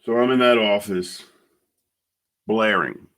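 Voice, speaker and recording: A middle-aged man with a very deep, gravelly voice hosts his own podcast. He tells his story in a blunt, emotional monologue and swears freely. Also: slow, fairly bright tone. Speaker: podcast host.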